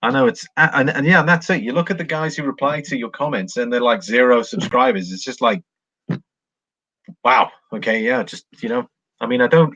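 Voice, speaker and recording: A man's voice: medium pitch, very animated, normal speed, vocal fry, sharp tone, no echo, highs cut off. A man hosting a casual livestream, rambling as he reads viewer comments and talks through price charts. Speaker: livestream host reading charts.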